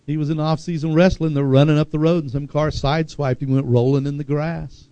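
A man's voice: on the high side, fairly even intonation, fairly quick, few pauses, mellow, no echo, highs cut off. A middle-aged man preaching a sermon in a conversational way, reading scripture aloud with asides.

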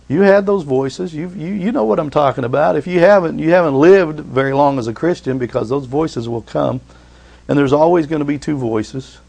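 A man's voice: a little high, moderate pace, vocal fry, a little mellow. A middle-aged man preaching a sermon as pastor, reading scripture aloud with force and asking his congregation for responses.

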